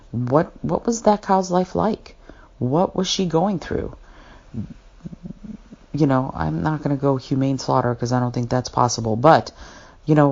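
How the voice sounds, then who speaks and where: Very low-voiced, earnest woman podcaster. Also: darkish tone, muffled recording. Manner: earnest and passionate, with frequent restarts. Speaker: podcast host. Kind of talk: podcast monologue.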